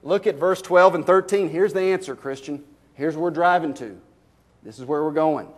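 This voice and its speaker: Male pastor, higher voice, sermon delivery with loud emphatic bursts and homespun asides. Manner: preaching with sudden loud bursts and slow emphatic drops; folksy storytelling, rhetorical questions to the congregation.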